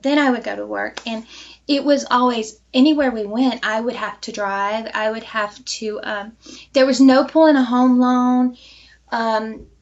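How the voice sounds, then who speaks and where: A woman being interviewed, telling a personal story and acting out quoted dialogue with lively energy. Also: a little high, measured pace, highs cut off. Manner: animated, acts out quoted dialogue.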